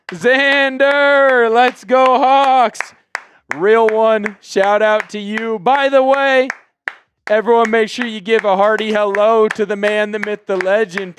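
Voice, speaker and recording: A man's voice: sits high, clear, resonant tone. A man hosting a live sports stream, greeting chat viewers in an upbeat, chatty way. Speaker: host.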